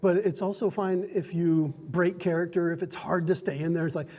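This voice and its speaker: High-voiced man explaining game rules. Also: animated, fairly quick, hardly any pauses, warm tone, breathy edge, long reverb tail. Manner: friendly, instructive, laughs often. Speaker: dungeon master. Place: card and game store.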